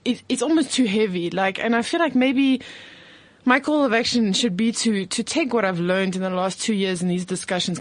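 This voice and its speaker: A woman's voice: mid-range voice, no echo. Hesitant woman sharing reflections. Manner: hesitant, searching for words, many restarts. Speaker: teacher and theatre maker. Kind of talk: reflective group discussion.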